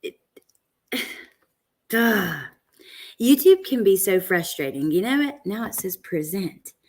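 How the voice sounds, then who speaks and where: A woman's voice: mid-range voice, sing-song, slow pace. A woman hosting a casual livestream from home, chatting with viewers and greeting them by name, with lots of fillers. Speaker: true crime livestream host. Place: at home, indoors. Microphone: computer camera setup for a livestream.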